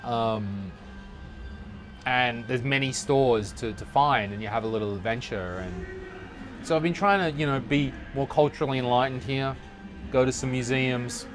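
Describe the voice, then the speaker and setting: A young male comedian rambles through a loose, sweary monologue at an ordinary middle pitch, now and then slipping into high mock voices. He records outdoors on a city balcony with a portable recorder. The sound is not studio quality, and faint music plays somewhere in the city behind him. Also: moderate pace. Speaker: comedy podcast host.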